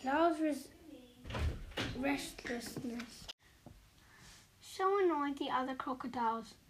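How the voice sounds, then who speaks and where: A woman reading a children's picture book aloud, expressive, with occasional slips. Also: high-pitched, takes it slowly, slight background noise, low-quality recording. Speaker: storyteller. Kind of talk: children's story read aloud.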